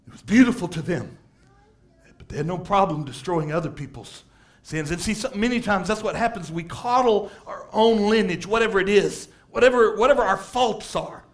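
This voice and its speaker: Preaching with passion at a moderate pace, a high-voiced man alternates between quiet asides and shouted emphasis. He repeats phrases to hammer his points.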